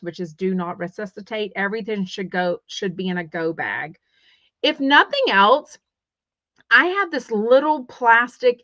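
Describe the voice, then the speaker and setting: A woman from Texas hosts a casual chat show, rambling along at a quick clip with many restarts. Her voice sits in a middle pitch. The sound is close and dry, slightly dulled. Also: a bit bright, no echo, dull audio. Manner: rambling, quick, reads listener comments aloud. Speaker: podcast host.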